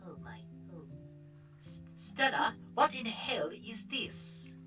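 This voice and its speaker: Posh startled male demon-owl noble put on by a woman, high theatrical lilt, distant over faint music. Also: very animated, slow.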